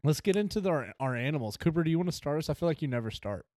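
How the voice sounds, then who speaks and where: A man chatting on a podcast at a brisk clip, his voice dry and close with no room sound. He jumps into stories and runs through them quickly, in easy casual talk. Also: a little high, animated, a little mellow, dry recording. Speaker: podcast co-host. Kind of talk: casual chat.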